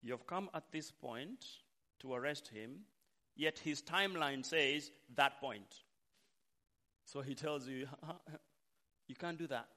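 Male preacher, unhurried sermon delivery, hushed lows and loud emphatic peaks.

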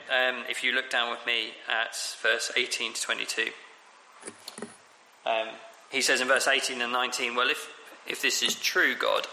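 Bright-voiced male preacher in echoey hall. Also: medium pitch, creaky, slight background noise. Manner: conversational, many fillers and restarts. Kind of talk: sermon on scripture. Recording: echoey hall with long reverb.

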